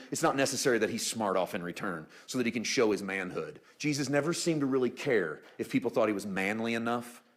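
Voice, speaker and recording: A male pastor delivering a conversational sermon, mixing humorous asides with sudden quiet, hushed moments. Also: fairly low pitch. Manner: conversational preaching with humorous asides and dramatic drops to a hush.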